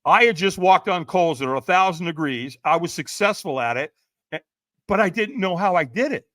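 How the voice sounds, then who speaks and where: A man's voice: high voice, animated, moderate pace, fairly bright tone, no echo. A man, a podcast guest, telling a dramatic story, acting out quotes and often checking in with "right?". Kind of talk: animated storytelling.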